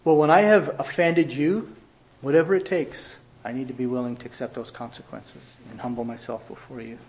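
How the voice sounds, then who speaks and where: A middle-aged man preaching a sermon as pastor, animated, acting out quoted excuses in a raised voice. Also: medium pitch, fairly quick, slight background noise.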